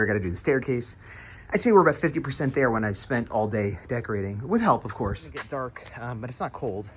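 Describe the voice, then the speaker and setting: A man's voice: medium pitch, slight background noise. A man chatting casually in a vlog, rambling as he tells stories outside his house at dusk. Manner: rambling, animated storytelling with mimicked voices. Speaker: vlogger. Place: outdoors in front of a house at dusk.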